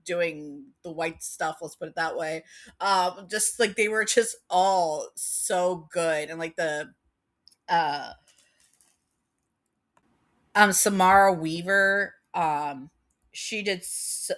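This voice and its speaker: A woman chats loosely to camera, rambling and giggling, with "like" all through her sentences. Her voice sits a little low in pitch but sounds bright and forward. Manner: rambling, giggly, heavy use of "like". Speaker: vlogger. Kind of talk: casual chat.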